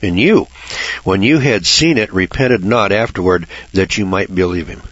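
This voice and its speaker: Speaking at normal speed, a man with a low but fairly bright voice gives folksy, blunt Bible commentary as a teacher. He curses openly and throws sarcastic jabs at churchgoers. The recording is dull and lo-fi, without echo.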